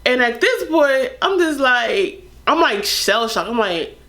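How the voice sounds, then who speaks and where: A young woman vlogger tells a personal story straight to her viewers. She talks in an animated, candid way, her sentences loose and filled with "like" and "you know." The delivery is casual and conversational. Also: a little high, takes it slowly.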